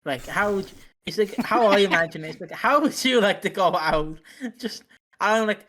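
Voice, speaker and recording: A person co-hosting a casual podcast chat who talks haltingly with many fillers, swears, and muses aloud. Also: mid-range voice, a bit bright, slight background noise. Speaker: podcast co-host.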